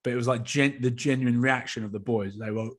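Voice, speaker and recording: A young man co-hosts a casual podcast chat. He tells anecdotes animatedly and slips in the voices of the people he is talking about. His voice sits at an ordinary mid pitch. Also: steady tone, brisk. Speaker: podcast co-host.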